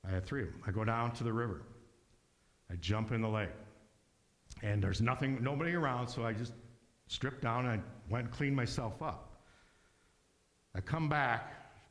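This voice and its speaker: A man giving a casual, rambling talk as a guest speaker, telling animated anecdotes and acting out voices along the way. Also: mid-range voice, big-room sound. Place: spiritual community hall.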